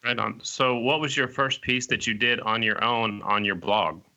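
A man interviewing a guest, asking relaxed questions and chiming in with short encouraging remarks. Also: fairly low pitch, normal speed.

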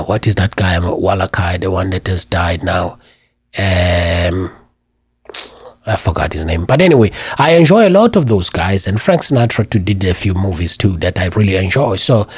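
Man, 40s, from Africa, radio host, husky, lively pitch, chatty storytelling. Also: no echo, studio quality. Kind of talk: storytelling on a radio talk show.

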